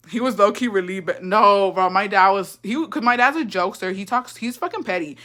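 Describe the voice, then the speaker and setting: A woman's voice: medium pitch, brisk, hardly any pauses, sharp tone. A young woman telling a story in a casual, rambling way, swearing a lot and slipping into Spanish. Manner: profane, rambling, switches into Spanish. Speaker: vlogger.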